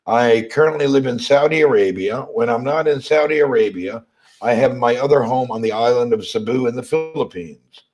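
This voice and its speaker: Slightly hoarse Southern American man. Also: medium pitch, moderate pace, a little mellow, soft background music. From Tennessee, USA. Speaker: livestream host. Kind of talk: casual live chat reading comments.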